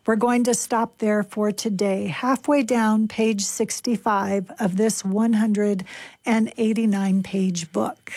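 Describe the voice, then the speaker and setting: A woman reading a book aloud on a radio show in a calm, measured way. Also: mid-range voice, no room sound.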